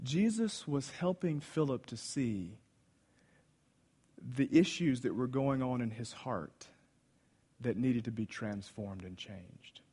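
A man preaching a sermon, swinging between loud exclamations and hushed asides as he retells a Bible story. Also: mid-range voice, lively intonation, slow, breathy edge. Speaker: pastor.

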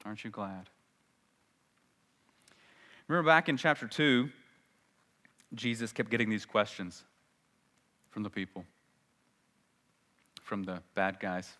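A male pastor delivers a sermon in a bright, forceful voice. He keeps it conversational, tossing rhetorical questions to the room. The sound carries a long hall reverb. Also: lowish voice, takes it slowly, long pauses.

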